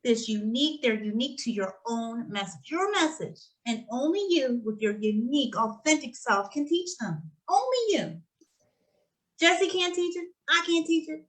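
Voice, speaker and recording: A woman co-hosting a podcast who speaks in an emphatic, encouraging way, repeating her points. Her voice is high and swings widely in pitch. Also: expressive, normal speed, rough recording. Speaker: podcast co-host. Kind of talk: casual chat.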